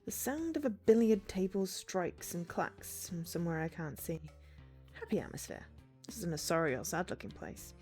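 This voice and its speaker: A woman streamer reading a story game aloud in an expressive, musing way, breaking off for quick asides. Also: lowish voice, faint music behind.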